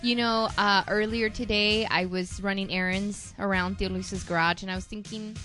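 A woman's voice: mid-range voice, fairly even intonation, moderate pace, sharp tone, faint music behind. Giggly chatty woman co-host. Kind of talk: casual chat and news reading.

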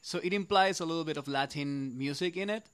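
Spanish-accented male guest, smooth resonant voice, loose chatty delivery. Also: fairly high pitch, a little fast. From Spain. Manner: relaxed, explains at length with many fillers. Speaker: guitarist and singer, studio guest. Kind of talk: casual radio chat.

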